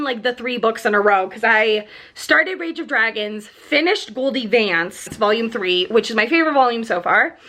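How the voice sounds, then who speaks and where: Young woman, high bright voice, casual book vlog rant, exasperated. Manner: animated, exasperated, quotes characters in mock voices. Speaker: book vlogger.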